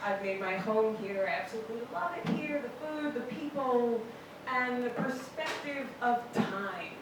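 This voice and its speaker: A woman's voice: fairly high pitch, animated, normal speed. A woman from Los Angeles doing a brash, profane stand-up comedy set. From Los Angeles, California. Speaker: stand-up comic. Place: comedy club stage with a live audience. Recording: echoey club room, mic heard from a distance, noisy.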